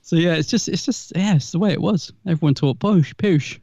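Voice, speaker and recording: Gravelly, chatty man. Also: on the high side, fast talker, dark tone, no echo, lo-fi sound. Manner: chatty, rambling, restarts often. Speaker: podcast co-host. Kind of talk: casual chat.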